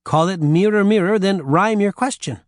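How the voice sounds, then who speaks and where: A man's voice: sits high, normal speed, no echo, clean studio sound, pitched above the performer's own voice, lightly acted. Jack, a man doing a muttering young boy. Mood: anxious. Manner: muttering, murmuring. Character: boy Jack, clever and anxious.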